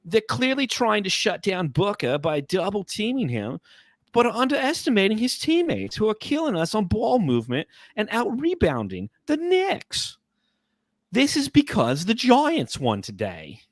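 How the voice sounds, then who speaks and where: A man's voice: high-pitched, huge pitch swings, moderate pace, dry recording, voice pushed up, full character voice. A man putting on a brash older New York lady's voice with a mock New York accent, crude and mocking as he reads fan comments. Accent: put-on New York. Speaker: podcast host.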